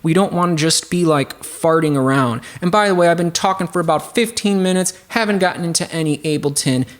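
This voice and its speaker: A man's voice: on the high side, fairly quick. A man hosting a casual music production tutorial hangout, rambling with lots of fillers and asides. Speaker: host. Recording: loud music underneath. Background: loud music.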